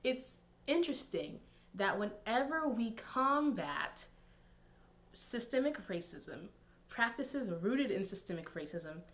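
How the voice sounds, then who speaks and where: A woman's voice: a little high, sing-song, slow. A young woman giving casual, digressive commentary to camera, laughing and using many fillers. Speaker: YouTube commentator.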